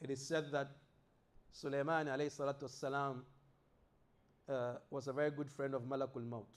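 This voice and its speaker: A man's voice: medium pitch, level tone, brisk. A man giving a sermon in a mosque, preaching with rising emphasis and reciting Arabic verses. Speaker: imam.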